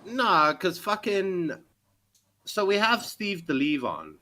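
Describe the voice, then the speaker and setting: A man co-hosting a stream, cracking dark jokes in laid-back banter. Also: high-pitched, very animated, takes it slowly, slight background noise. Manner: joking, swearing. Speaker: co-host. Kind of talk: casual banter on a live stream.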